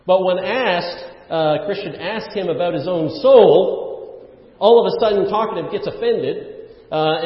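A man's voice: sits high, echoey room, in a large hall, dull audio. A man preaching a sermon, earnest and emphatic, often restarting his sentences. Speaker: pastor.

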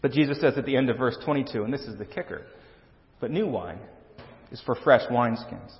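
A man's voice: mid-range voice, animated, brisk. A man preaching a sermon as pastor, earnest and emphatic, often restarting his words. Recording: dull lo-fi sound with long reverb in a hall.

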